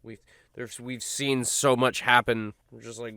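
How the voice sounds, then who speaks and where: A man co-hosting a podcast in casual chat, animated and swearing freely, his pitch jumping up when he gets going. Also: unhurried, clean tone, no echo, clean studio sound. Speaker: podcast co-host.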